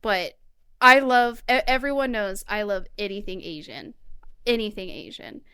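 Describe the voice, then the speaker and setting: A woman's voice: medium pitch, normal speed, pushed and bright, smooth, no echo, clean studio sound. A woman co-hosting a casual gaming podcast, ranting with heavy profanity. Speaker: podcast co-host. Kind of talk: casual chat.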